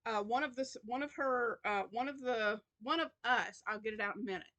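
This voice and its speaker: A woman's voice: a little high, a little fast, sharp tone. A woman hosting a crochet channel in a casual vlog, chatty and rambling with many restarts, tired and yawning.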